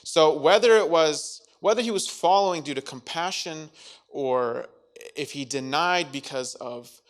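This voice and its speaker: A youth speaker with a slightly high voice delivers a sermon at an unhurried pace. He keeps it playful, acting out dialogue and cracking jokes between scripture readings.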